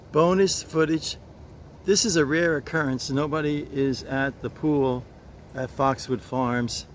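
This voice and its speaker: A man's voice: mid-range voice, a little hiss or hum. A man vlogging casually at home, stammering, repeating words and restarting sentences as he rambles in an earnest, homespun way. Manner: earnest and homespun, fond of small comforts. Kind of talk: casual vlog talk to camera. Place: at home, later filming by a pool.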